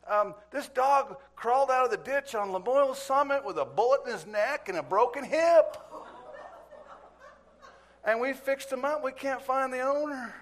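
A man putting on the voice of an animal shelter worker, telling an excited story in a raised, breathless voice. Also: very high-pitched, normal speed, pitched above the performer's own voice. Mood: amazed.

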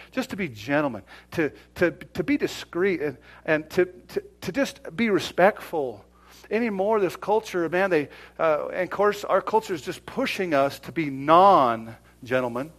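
A middle-aged male pastor delivers a conversational sermon, sinking to near whispers and climbing to loud exclamations. His mid-range voice has vocal fry.

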